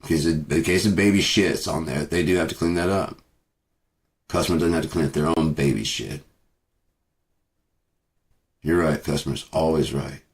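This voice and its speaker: A man's voice: extremely low pitch, normal speed, long pauses. A man delivering a bitter, profane rant as a vlogger, repeating himself as he talks. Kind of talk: profane ranting monologue.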